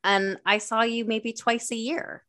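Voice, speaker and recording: A woman's voice: a little high, level tone, a little slow, sharp tone. A woman co-hosting a casual conversation, talking candidly and reflectively about family memories, often quoting what she and others said. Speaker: podcast co-host, older sister.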